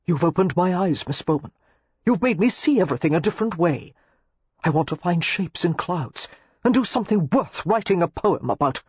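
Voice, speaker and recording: A woman's voice: fairly low pitch, lively intonation, normal speed, breathy edge, no echo. A woman voicing an ardent young English lord who makes earnest, flowery declarations. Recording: slightly muffled lo-fi recording.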